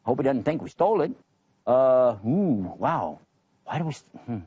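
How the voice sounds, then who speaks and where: A man voicing eager, nervous young brothers in a storybook tale, hurried and stammering. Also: medium pitch, big pitch swings, breathy edge, narrow, tinny audio. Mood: puzzled.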